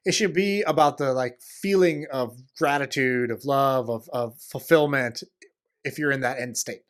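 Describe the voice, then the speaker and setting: A man in a casual podcast interview, talking fast and eagerly with many fillers and restarts. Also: mid-range voice. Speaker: podcast guest, entrepreneur.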